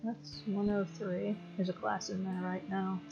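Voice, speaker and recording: A woman's voice: mid-range voice, little pitch movement, unhurried, creaky, mellow, lo-fi sound, soft background music. A woman giving casual gameplay commentary with chatty, self-deprecating asides. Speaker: let's play host.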